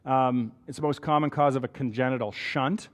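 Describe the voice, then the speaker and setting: A physician with a Canadian accent gives a conversational medical lecture, frequently checking in with "right?". His medium-pitched voice has fairly even intonation and a normal speed, and the recording carries a long hall reverb.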